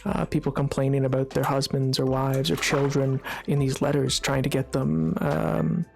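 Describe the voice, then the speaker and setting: A livestreamer chatting casually with a live audience while gaming, rambling with lots of fillers and restarts in a relaxed, drowsy way. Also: mid-range voice, moderate pace, gravelly, soft background music.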